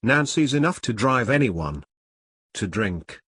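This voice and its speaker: A man's voice: mid-range voice, sing-song, a little slow, a bit bright, husky, no echo, clean studio sound, full character voice. A man reading the part of a bold young woman student who talks in a teasing, frank way. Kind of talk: audiobook character reading.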